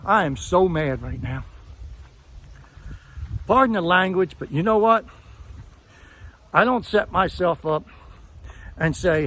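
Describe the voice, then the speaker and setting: A man's voice: high-pitched, expressive, slow pace, pauses often, a bit bright. An older man ranting angrily to his viewers, bluntly and with profanity, acting out the dialogue as he retells it. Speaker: vlogger. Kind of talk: angry rant to camera.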